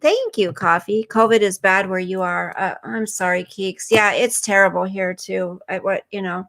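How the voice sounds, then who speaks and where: A woman's voice: mid-range voice, normal speed, a bit bright. A woman hosting a casual livestream, chatting with viewers by name and sounding unwell and tired. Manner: chatty, answers chat comments by name. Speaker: livestream host reading viewer comments.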